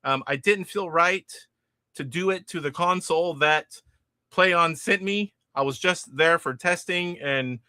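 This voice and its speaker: A man's voice: fairly high pitch, unhurried, sharp tone, no echo. A man from California hosting a livestream, chatting casually and rambling as he reads out viewer comments. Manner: chatty, rambling, frequent restarts and laughs. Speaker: livestream host.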